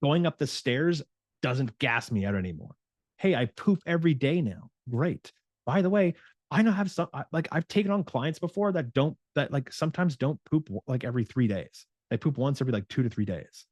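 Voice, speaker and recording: Animated male fitness coach, dry sound. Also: medium pitch, normal speed, no room sound. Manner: animated, acts out clients' inner voices; frequent restarts and "like" fillers. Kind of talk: motivational talk to camera.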